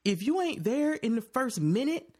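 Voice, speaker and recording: Animated, profane man in casual chat. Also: extremely high pitch, normal speed.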